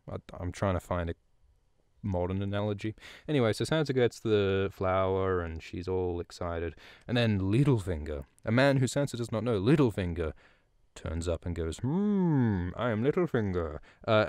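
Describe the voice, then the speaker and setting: A man with a low, smooth, resonant voice recaps a book chapter for his podcast. He rambles through it casually, swearing freely and tossing in jokey asides. The recording is close and dry. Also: a little mellow, no room sound. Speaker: podcast host.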